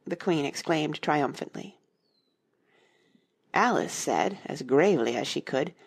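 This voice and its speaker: Woman reading a storybook, husky and gravelly. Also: low voice, lively intonation, normal speed. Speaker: narrator.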